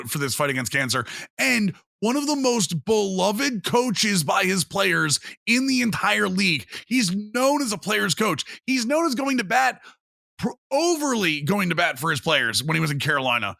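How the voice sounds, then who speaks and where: A man co-hosting a casual sports podcast, talking in a high, gravelly voice. He is animated and laughs often, mocking the quotes he reads out. The sound is dry and close. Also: moderate pace, no echo.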